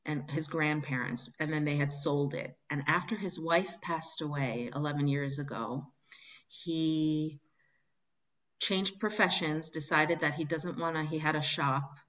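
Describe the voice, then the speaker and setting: A woman's voice: low voice, fairly even intonation, a little slow, a bit bright. A spiritual medium telling a personal story in a conversation, earnest and searching, often restarting her sentences.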